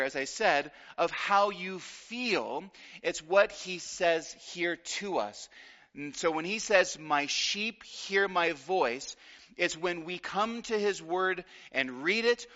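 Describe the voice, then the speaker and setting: A man preaching a sermon, emphatic, with deliberate pauses and repeated phrases. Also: high-pitched, sharp tone, dull audio. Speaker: pastor.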